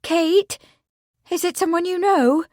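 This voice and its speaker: A woman's voice: extremely high pitch, slow pace, darkish tone, dry recording, clean studio sound, pitched above the performer's own voice. A woman voicing an anxious female companion who speaks firmly when certain. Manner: anxious, firm.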